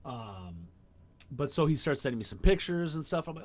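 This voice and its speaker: Excitable, profane man rambling on a podcast. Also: mid-range voice, moderate pace. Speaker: podcast host. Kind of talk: casual solo podcast chat. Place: home room.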